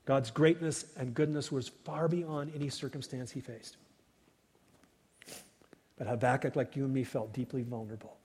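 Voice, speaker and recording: A man preaching a sermon as pastor, rising to loud cries and falling to hushed whispers. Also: medium pitch, fairly even intonation, moderate pace, pauses often, husky. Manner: dynamic preaching, swells loud then drops to whispers. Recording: long hall reverb.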